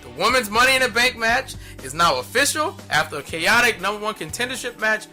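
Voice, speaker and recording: A man's voice: sits high, very animated, brisk, sharp tone, faint music behind. A man reviewing wrestling shows alone, ranting bluntly and sounding exasperated. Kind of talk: solo opinion commentary.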